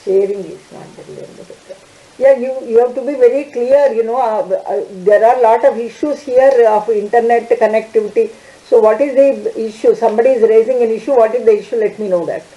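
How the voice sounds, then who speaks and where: A woman teaching an online law class, talking haltingly with many fillers and restarts. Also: fairly high pitch, dark tone, reverberant, dull audio.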